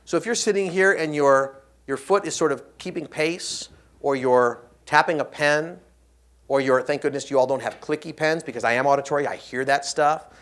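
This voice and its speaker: A man giving a conference lecture to lawyers, animated and playfully acting out quoted voices as examples. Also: fairly high pitch. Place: conference room.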